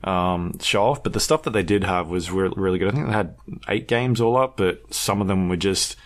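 A man's voice: low voice, fairly quick. A man hosting a casual podcast chat, rambling along with many ums and uhs and light laughs. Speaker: podcast host.

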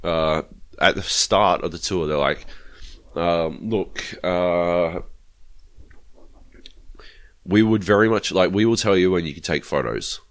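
A man's voice: low-pitched, takes it slowly, long pauses. An Australian man telling a rambling, profanity-laced story on a casual gaming podcast. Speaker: podcast co-host. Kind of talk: casual chat.

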